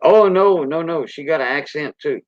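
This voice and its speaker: A man's voice: a little high, expressive, moderate pace, dry recording. A man from the Louisiana Gulf Coast with a Cajun accent, hosting a casual, rambling live-stream chat in a folksy way. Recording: dull lo-fi stream audio.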